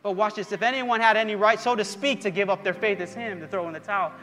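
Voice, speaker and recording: At a live-streamed church service, a male pastor speaks quickly in a high, steady, slightly bright voice. His sermon is impassioned, building through repeated phrases with rising emphasis, heard with long hall reverb and faint music.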